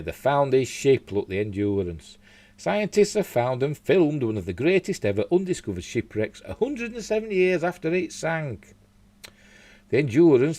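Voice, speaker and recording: A man's voice: fairly low pitch, darkish tone. A man with a Yorkshire accent hosting a casual news chat at home, reading articles aloud with rambling asides. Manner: rambling, chatty, with asides and slips. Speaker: news show host. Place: home room.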